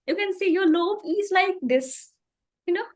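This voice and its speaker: A woman's voice: very high voice, a little slow. A woman, talking earnestly in a practice conversation, with many fillers and restarts. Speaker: English practice partner.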